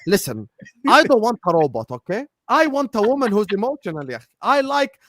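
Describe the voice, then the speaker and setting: A man's voice: high-pitched, fairly quick, no echo, clean studio sound. A man from Jordan co-hosting a football fan live stream, joking and laughing in casual banter. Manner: animated, joking, laughs often.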